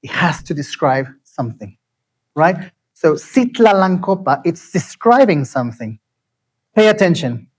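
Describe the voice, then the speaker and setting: A man giving an interactive lecture, asking the audience questions and repeating key phrases slowly. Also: on the high side, very animated, poor audio.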